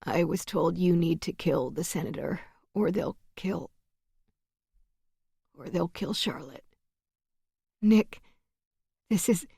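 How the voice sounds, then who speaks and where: A woman's voice: on the low side, gravelly, warm tone, slightly rough, no echo, studio quality, exaggerated voice. A woman voicing a panicked male hostage. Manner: urgent, halting.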